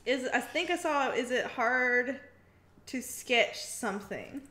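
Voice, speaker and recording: A chatty, giggly woman with a high, bright voice, co-hosting a relaxed art stream and reading chat aloud. The room around her rings with a noticeable echo. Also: slow pace. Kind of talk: casual livestream chat.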